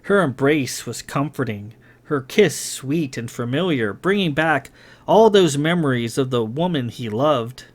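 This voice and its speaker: A man reading his science fiction novel aloud in a dramatic, expressive narration. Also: medium pitch, measured pace. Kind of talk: scripted audiobook narration.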